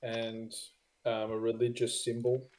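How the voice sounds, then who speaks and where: A man's voice: medium pitch, monotone, darkish tone, a little hiss or hum. A man running a tabletop game as game master, narrating casually with lots of fillers. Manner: casual, filler-heavy, quick bursts.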